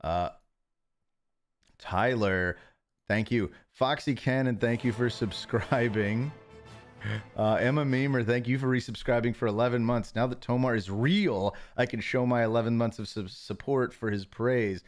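A man's voice: mid-range voice, measured pace, soft background music. Stammering man thanking his stream chat. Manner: stammering, self-deprecating, reads chat messages aloud. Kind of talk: casual live-stream chat. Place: home office.

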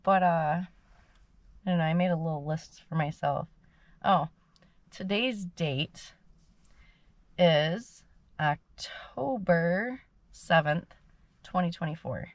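A woman and mother talking to the camera in a casual personal video diary, soft-spoken and rambling. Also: low-pitched, no echo, muffled recording. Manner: rambling, soft-spoken, fighting tears at times. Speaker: vlogger and mother.

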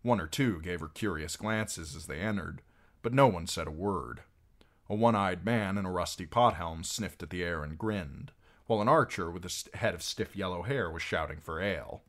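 A man's voice: deep voice, moderate pace, fairly bright tone. A man narrating a fantasy novel chapter as an amateur audiobook reader, reading expressively.

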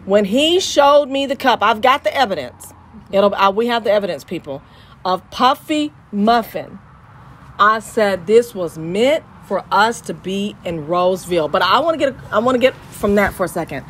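A woman's voice: medium pitch, animated, moderate pace, a little hiss or hum. A woman with an East Texas Southern accent hosting Christian radio, talking in an exuberant, preachy way and repeating her phrases. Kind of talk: lively radio chat.

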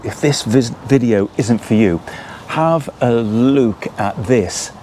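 Brief: male gear vlogger, unhurried, detailed, self-deprecating, lowish voice. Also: darkish tone, a little hiss or hum. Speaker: outdoor gear reviewer. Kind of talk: casual gear review vlog.

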